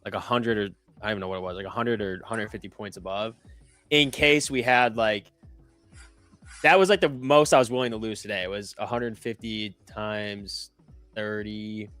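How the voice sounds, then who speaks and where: Rambling young male trader, smooth voice. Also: fairly low pitch, fairly even intonation, normal speed, fairly bright tone, no room sound, faint music behind. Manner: loose, rambling, lots of "like" fillers and self-corrections. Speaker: trader on a live trading stream. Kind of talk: casual chat.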